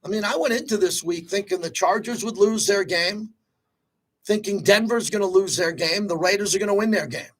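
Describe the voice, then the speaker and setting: A man hosting a sports talk radio show, talking in an energetic, rapid-fire, conversational way. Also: sits high, husky.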